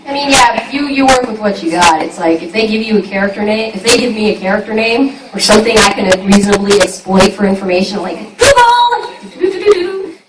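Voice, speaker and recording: A woman on a convention panel of voice actors, bubbly and quick to laugh. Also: mid-range voice. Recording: echoey hall from far off, noisy.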